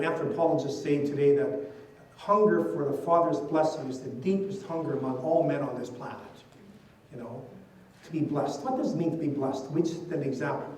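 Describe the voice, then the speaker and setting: A man's voice: a little high, a little mellow, slight background noise. An older man, a priest, giving a conversational talk full of stories and "you know" asides. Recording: distant mic in an echoey hall.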